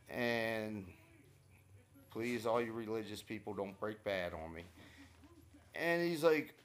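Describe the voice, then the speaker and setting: A man's voice: medium pitch, clean tone. A man casually telling a rambling, wry story in a vlog, with many fillers and restarts. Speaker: vlogger.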